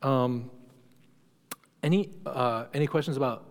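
A man's voice: medium pitch, unhurried. A man teaching an informal church class, talking conversationally with many fillers and restarts. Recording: long reverb of a hall.

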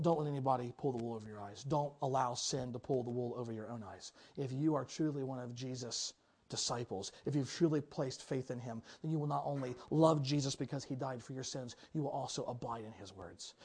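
A man preaching a sermon as pastor, telling stories with big swings in pitch and loudness, then dropping low and quiet to urge his listeners. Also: a little fast, slightly rough. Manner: drops to a low, quiet, earnest tone for exhortation.

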